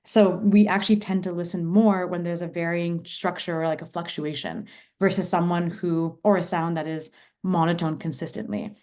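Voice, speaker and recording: A woman's voice: fairly low pitch, normal speed, darkish tone. A woman presenting an online mentorship workshop over a video call, talking with enthusiasm and emphasis.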